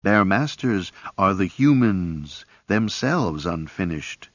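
A man's voice: low-pitched, big pitch swings, takes it slowly, no room sound, exaggerated voice. A man voicing a mantis-legged alien hunter leader with a stern, commanding manner. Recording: dull lo-fi cassette audiobook.

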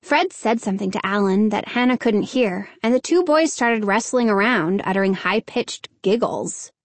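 A woman narrating a children's novel in a measured storytelling delivery. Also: mid-range voice, lively intonation, dry recording. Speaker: audiobook narrator. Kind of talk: scripted narration.

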